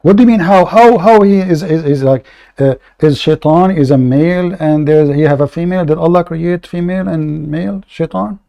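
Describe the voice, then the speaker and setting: A man's voice: a little high, normal speed, creaky, dark tone. A man hosting a call-in debate, mocking and combative, often laughing scornfully at the caller. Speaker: debate show host.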